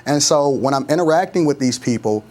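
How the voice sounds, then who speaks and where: A man's voice: medium pitch, animated, brisk, darkish tone. A man speaking as a guest on a television panel in an earnest, emphatic way.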